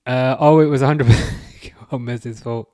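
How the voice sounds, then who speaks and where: A man's voice: mid-range voice, steady tone, normal speed, mellow, no room sound, studio quality. Chatty man reacting to a match. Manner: chatty, self-mocking, stammering restarts, frequent laughs. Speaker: livestream host. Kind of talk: casual live match commentary.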